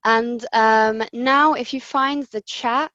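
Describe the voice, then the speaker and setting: A woman's voice: a little high, steady tone, takes it slowly, bright, forceful tone, dry recording, highs cut off. A woman presenter leading voice and breathing exercises on a video call, giving friendly step-by-step instructions with many ums. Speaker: voice coach presenter. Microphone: computer mic on video call.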